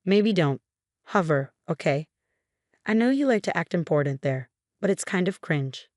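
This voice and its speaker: A woman narrating voicing a condescending, dismissive adult sister in a fake-sweet manner, in a low voice. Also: expressive, normal speed, darkish tone, no room sound, studio quality, lightly acted. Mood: mocking.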